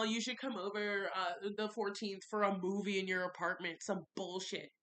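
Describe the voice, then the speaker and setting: A woman's voice: mid-range voice, fairly even intonation, moderate pace, few pauses, sharp tone. A young woman tells a confessional vlog story with frank frustration. She rants and piles up repeated phrases to hammer her point home. She sounds like she is talking casually to her followers. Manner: candid, frustrated, ranting, repeats for emphasis. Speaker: vlogger.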